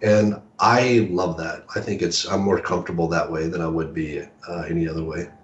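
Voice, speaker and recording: A male author talking casually as an interview guest, halting with many restarts and fillers. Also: sits low, steady tone. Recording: echoey room, dull lo-fi audio.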